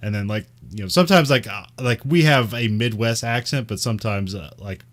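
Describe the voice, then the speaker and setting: Low voiced american guy rambling on a podcast, lots of um and like, laughing a bunch. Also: fairly quick. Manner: rambling, many fillers and restarts, laughs often. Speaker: podcast co-host. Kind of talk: casual chat.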